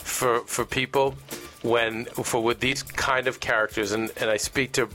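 A male panelist with a bright, forward voice argues his case on a TV after-show. He presses his points hard and repeats words as he works toward them. Faint music plays underneath. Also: mid-range voice, level tone, a little slow. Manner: opinionated, emphatic, repeats words. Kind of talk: casual panel discussion.

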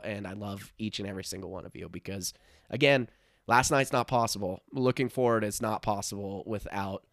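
A man's voice: on the low side, fairly bright tone, dry recording, studio quality. A man hosting a sports podcast in a casual, rambling, enthusiastic way, his voice nasal and congested. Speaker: podcast host.

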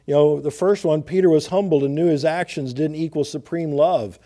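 A male preacher in full sermon flow, his voice sitting fairly high yet mellow and dark in tone. He recites scripture in archaic phrasing and acts out the speakers. He surges into loud, emphatic declarations, then drops to soft, intimate asides. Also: normal speed. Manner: reads scripture in old-fashioned wording, acts out the speakers.

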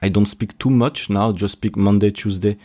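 A young podcast host from Brittany, France, speaks with a French accent in a casual solo show, often restarting and using fillers. His voice is fairly low and mellow, with fairly even intonation at a normal speed.

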